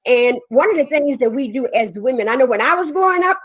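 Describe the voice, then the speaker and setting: Woman, poet, folksy, y'all and honey, high voice. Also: lively intonation, quick pace, rough recording. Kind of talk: casual chat leading into poetry reading.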